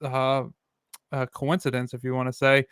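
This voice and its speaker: A man's voice: mid-range voice, completely flat delivery, moderate pace, a bit bright, clear, resonant tone, no echo, studio quality. A man hosting a podcast, responding in an earnest, reflective way and often restarting his sentences. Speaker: podcast host. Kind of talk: casual interview chat.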